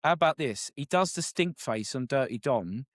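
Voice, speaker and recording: A man co-hosting a wrestling podcast, chatting casually and briskly steering the segment along. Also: medium pitch, lively intonation, dry recording, clean studio sound. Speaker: podcast co-host. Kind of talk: casual chat.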